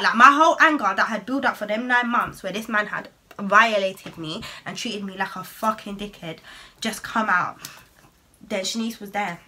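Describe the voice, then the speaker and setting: A young woman tells a heated story to camera. Her voice is bright and sharp, and her slang-heavy talk is full of curses. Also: mid-range voice, a little hiss or hum. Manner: animated, swearing, heavy slang. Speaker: vlogger. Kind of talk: storytime vlog.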